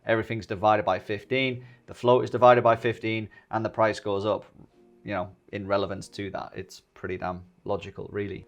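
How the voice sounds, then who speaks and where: A man giving a casual, jokey trading tutorial, speaking directly to his viewers as he goes over a chart. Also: medium pitch. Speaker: stock trading YouTuber.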